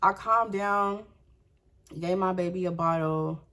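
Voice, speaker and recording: A young woman telling a storytime vlog. She is animated and profane and speaks straight to her viewers in a candid way. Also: lowish voice, takes it slowly.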